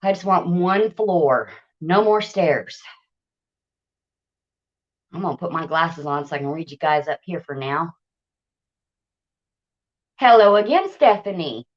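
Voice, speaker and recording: Lady chatting on a home livestream, lowish voice, dull tablet audio. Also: animated, slow, long pauses. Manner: chatty, greets viewers warmly by name, laughs often. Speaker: livestream host. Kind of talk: casual live-stream chat.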